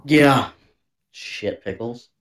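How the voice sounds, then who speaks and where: A man's voice: medium pitch, drawn-out words, slight background noise. A man co-hosting a podcast, rambling in casual, profane chat over a video call. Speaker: podcast co-host.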